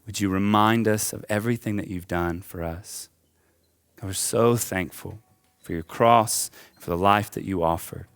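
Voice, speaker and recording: A man's voice: fairly low pitch, moderate pace, a bit bright, clean tone. A young adult man preaching a sermon in a church, impassioned and building in waves, then easing into casual, chatty asides. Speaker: pastor. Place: church auditorium.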